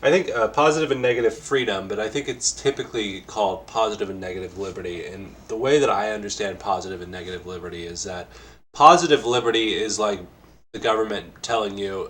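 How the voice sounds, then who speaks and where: A man with a somewhat low voice co-hosts a casual stream. He asks questions in a relaxed, joking way and is quick to exclaim. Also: a little hiss or hum. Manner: easygoing, jokey, quick to exclaim. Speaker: podcast co-host and interviewer.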